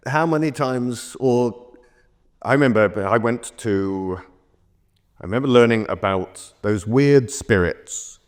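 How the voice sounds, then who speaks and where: A middle-aged man with a very deep voice is chatting casually as a guest. He tells long, rambling anecdotes from behind the bar. His delivery is unhurried and conversational. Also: a little mellow. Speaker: bartender guest.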